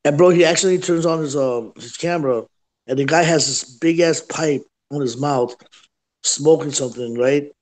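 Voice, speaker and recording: A man's voice: on the high side, moderate pace, a little mellow. A man hosting a livestream who tells a story in casual chat, acting out quotes and saying "right?" and "bro" often. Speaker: livestream host.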